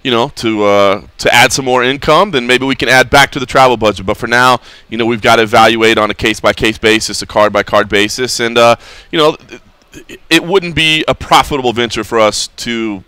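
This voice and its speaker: A man's voice: mid-range voice, brisk, sharp tone, smooth, no echo. A man co-hosting a radio show, chatting casually and rambling with restarts. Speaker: co-host. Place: radio studio.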